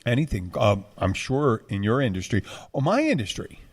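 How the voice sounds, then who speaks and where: A man's voice: medium pitch, big pitch swings, moderate pace. A man co-hosting a podcast, chatting casually and rambling with many restarts. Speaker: podcast co-host. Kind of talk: casual chat.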